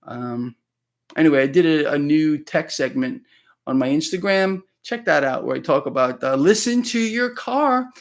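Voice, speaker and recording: A man's voice: on the high side, expressive, normal speed, gravelly. Ranting man hosting live market talk. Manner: ranting, blunt, with many repeated words and restarts; addresses viewers as "people". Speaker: financial commentary host. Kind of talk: live solo market commentary.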